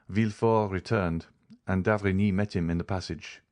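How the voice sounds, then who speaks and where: A male narrator reads a classic novel in a very low voice. He tells the story at an even, steady pace, unhurried and controlled. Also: no room sound. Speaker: audiobook narrator. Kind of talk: scripted narration.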